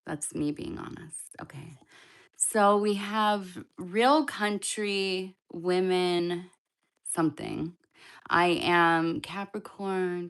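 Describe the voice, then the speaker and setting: A woman's voice: on the low side, slow, a bit bright. A woman giving tarot readings on a live stream, chatting loosely and speaking straight to her viewers. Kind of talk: casual live-stream reading, answering chat.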